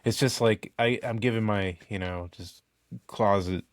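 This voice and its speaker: A man co-hosting a casual comedy podcast, telling absurd jokes in a deadpan way and laughing often. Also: fairly low pitch, a little slow, no room sound, studio quality. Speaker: podcast co-host.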